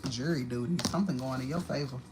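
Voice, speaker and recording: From her home apartment, a tarot reader with a bass voice gives a live-streamed card reading, speaking fast in a blunt, profane and repetitive way, with background noise present.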